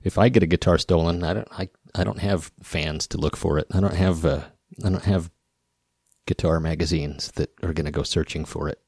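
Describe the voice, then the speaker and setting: This low-voiced man hosts a casual podcast in a rural Western Midwest American accent, speaking a bit quickly with fairly even intonation. His tone is creaky and slightly mellow with a breathy edge. He's wry and rambling, frequently interrupting himself to restart, and the recording is dry and studio quality.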